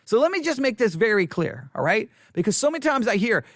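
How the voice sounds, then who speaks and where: Man, Bible study teacher, conversational, emphatic, repeats himself, very animated pitch. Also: quick pace, no echo, studio quality. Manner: emphatic, repeats and restarts phrases.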